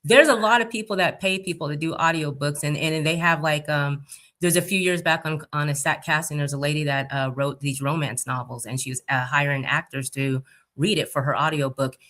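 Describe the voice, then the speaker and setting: An interview host woman with a lowish voice, chatting casually. She keeps things moving with steady affirmations and praise for her guests. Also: brisk. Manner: warm, encouraging, with frequent affirmations.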